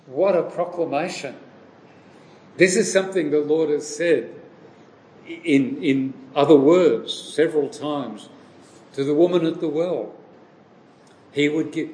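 A man preaching a sermon in a slow, measured way, often repeating and restarting phrases. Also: on the high side, a little mellow. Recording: echoey room with faint background noise.

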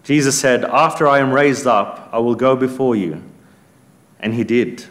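A man's voice: mid-range voice, moderate pace, fairly bright tone. A man preaching a sermon in an earnest, emphatic way, lifting his voice when he quotes scripture.

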